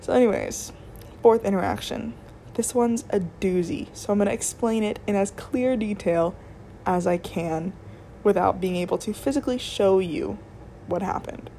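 A young woman rambling through a casual storytime with a gravelly vocal fry at a mid pitch. Her talk is loose and chatty, full of "like," with restarts as she works back through her retail shifts. A faint hiss sits under her voice. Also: normal speed, dark tone. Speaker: retail worker telling work stories.

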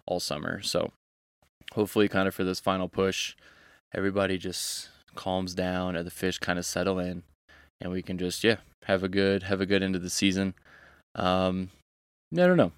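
A young man with a deep, smooth voice works through a story the way he talks off the clock, full of slang and loose asides. He is a fishing guide recording a podcast, and the sound is close and dry. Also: dry recording. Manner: laid-back, rambling with casual slang.

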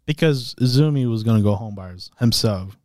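A man's voice: lowish voice, animated, brisk, a little mellow, no echo, studio quality. A man co-hosting a podcast, chatting casually about anime, laughing often and acting out characters' lines. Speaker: podcast co-host. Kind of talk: casual chat recapping anime.

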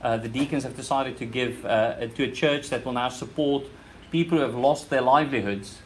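A man's voice: medium pitch, fairly quick, slight background noise. A man with a South African accent preaching a sermon in church, earnest, often repeating words and restarting phrases as he presses his points. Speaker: pastor.

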